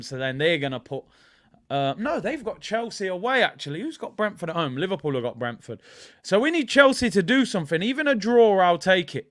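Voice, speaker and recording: A man from England hosting a casual football watchalong stream, chatty and excitable, rambling with lots of fillers. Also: high-pitched. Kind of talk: casual live-stream chat.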